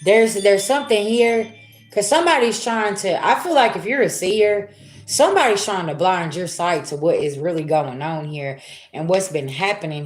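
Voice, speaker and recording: A woman's voice: on the low side, a little mellow. Chatty woman doing a spiritual reading. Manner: chatty, addresses viewers as y'all, laughs often. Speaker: spiritual reader. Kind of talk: casual tarot reading livestream.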